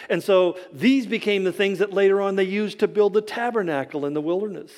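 A man delivers a sermon in a high, bright-edged voice, telling stories with humor and dramatic quoted lines. The sound rings with long reverb, as in a large hall. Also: fast talker, hardly any pauses. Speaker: pastor.

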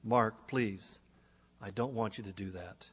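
A man reading out the voice of God as a soft, low, pleading near whisper, in an echoey hall. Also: normal speed, close to an everyday voice. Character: gentle pleading voice of God, male.

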